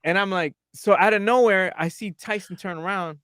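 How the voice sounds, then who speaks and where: Animated higher-voiced man telling a story. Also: normal speed, smooth, dry recording, studio quality. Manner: animated, acts out voices in his anecdote. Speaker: guest DJ. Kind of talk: storytelling on a podcast.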